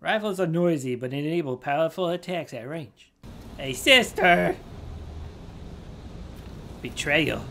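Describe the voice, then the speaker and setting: A gaming channel host giving let's-play commentary, loud and exclamatory, yelling at enemies and making sarcastic asides. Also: mid-range voice, lively intonation, normal speed, hardly any pauses, a little hiss or hum.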